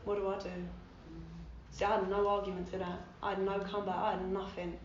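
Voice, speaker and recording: A woman with a London accent tells her recovery story at a meeting in a frank, animated way, swearing freely and acting out the voices of the people in it. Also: mid-range voice, quick pace, roomy sound, highs cut off, a little hiss or hum. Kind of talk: personal recovery testimony at a meeting. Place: meeting hall.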